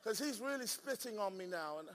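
A man preaching a sermon, telling stories fervently and rising to shouts, in a large church hall. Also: high voice, lively intonation, brisk, a faint crowd. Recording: long hall reverb.

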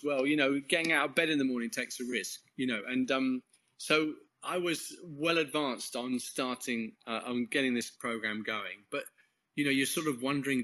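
At a normal speed and in a sharp, mid-range voice, an English man who leads a Christian course talks as a guest. His faith story unfolds as a casual testimony in conversation, rambling, with frequent false starts and small laughs.

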